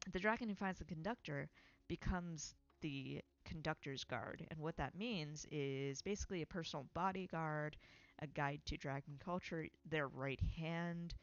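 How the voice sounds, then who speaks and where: A writing-stream host talks casually about their own story, rambling and correcting themselves mid-sentence. The voice sits at a middle pitch. The sound is dry and slightly muffled, close and without room echo. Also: a bit bright, clean tone. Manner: rambling, self-correcting, with frequent fillers and laughs.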